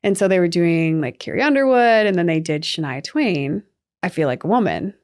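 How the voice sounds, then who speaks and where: Young woman on a sports podcast, super chatty, pitch jumps all over, kinda low voice, lots of "like". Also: fairly quick. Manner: chatty, lots of "like" fillers, animated storytelling. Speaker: podcast co-host. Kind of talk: casual sports chat.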